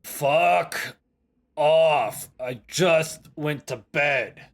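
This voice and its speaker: A man's voice: mid-range voice, lively intonation, slow pace. A man voicing a grumpy, sarcastic male drow pirate who has just been woken up. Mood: angry. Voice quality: gruff, cursing, sarcastic. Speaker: game master voicing a character.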